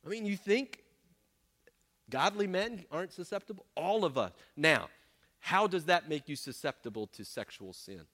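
A man leading an interactive Bible class, animated and acting out people's complaints in voices. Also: fairly high pitch, moderate pace. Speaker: pastor teaching a class.

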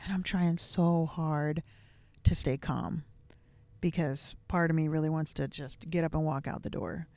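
A woman's voice: low-pitched, fairly even intonation, measured pace, warm tone, no room sound. A woman hosting a podcast, telling a personal family story in a candid, reflective way with many casual fillers. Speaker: podcast host.

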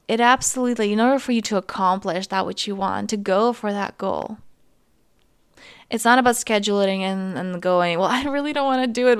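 Gentle, earnest woman podcast coach. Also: mid-range voice, clean tone, no echo, clean studio sound. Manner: gentle, earnest, talks through examples. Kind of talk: casual self-help monologue.

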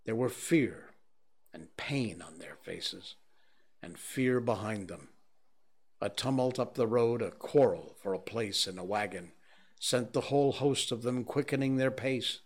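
Slow, grave male audiobook narrator. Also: mid-range voice, husky. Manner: slow, measured, grave reading. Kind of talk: scripted narration.

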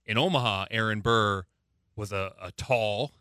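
A man with a bright, slightly low voice and a slight lisp talks in relaxed podcast chat. He often stumbles and repeats his opening words before his point comes out. The sound is dry and close to the mic. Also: measured pace, clean tone, dry recording. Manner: hesitant, repeats words when starting. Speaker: podcast host. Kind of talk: casual chat.

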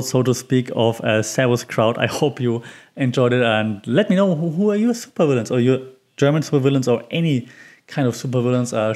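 In a casual solo podcast, the host talks in a loose, chatty, rambling way, dotted with ums and small laughs at his own expense. He has a medium-pitched, somewhat mellow voice.

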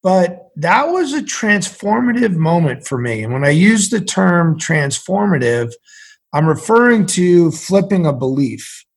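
A middle-aged man from central Massachusetts with a husky voice set a little high. He tells stories in an animated, lively way as a podcast guest. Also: unhurried. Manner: animated storyteller. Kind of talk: storytelling conversation.

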